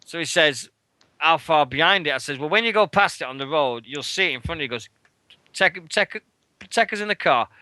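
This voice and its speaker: Bright, animated British man telling a story. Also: a little high, fairly quick, no room sound. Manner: animated, swearing, shouting out quoted lines. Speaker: radio show host. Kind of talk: casual storytelling chat.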